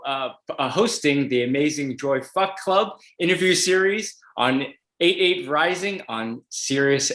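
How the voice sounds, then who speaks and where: A man's voice: medium pitch, a bit bright. Upbeat male interview host, roomy sound. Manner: upbeat, reads intro with fillers. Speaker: host, state legislator. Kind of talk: hosted video interview.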